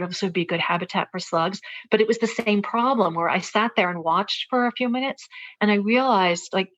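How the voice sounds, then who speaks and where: A woman's voice: mid-range voice, a bit bright. A woman author talking as an interview guest, telling a personal story in an earnest, searching way, with many fillers and restarts. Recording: dull, lo-fi interview audio.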